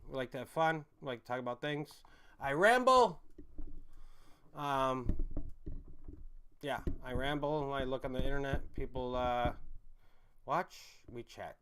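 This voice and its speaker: A man hosting a casual livestream, rambling and swearing as he reads chat comments aloud, with loud outbursts that drop to low mutters. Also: normal speed, long pauses, slight background noise. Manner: swings from loud emphatic bursts to low mumbles. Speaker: livestream host.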